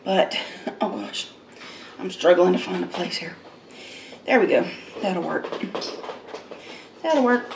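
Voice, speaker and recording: Slow-talking woman eating on camera. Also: medium pitch, echoey room, a little hiss or hum. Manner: chatty, laughs often, slow and relaxed. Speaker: mukbang vlogger. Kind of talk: casual eating vlog chat. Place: home, eating at a table.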